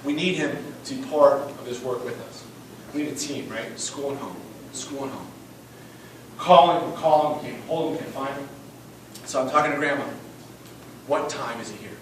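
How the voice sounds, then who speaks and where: With a mid-range voice at normal speed, a man who works as a school principal gives an emphatic fundraiser story, frequently tossing in "right?". The event room sounds echoey, the mic is distant, and there's noise.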